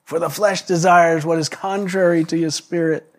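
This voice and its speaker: A man preaching to his congregation in a lively, story-driven way. His voice sits a little high for a man, and he breaks into laughter and quick impressions of the people in his stories. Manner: animated storyteller, acts out quoted voices, laughs often, many restarts. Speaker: pastor. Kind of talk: sermon with storytelling.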